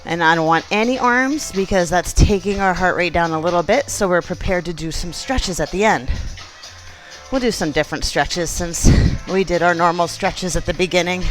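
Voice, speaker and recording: A woman fitness instructor leading a gentle exercise class, chatty and encouraging, counting reps aloud. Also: fairly low pitch, normal speed, soft background music, poor audio. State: out of breath at times.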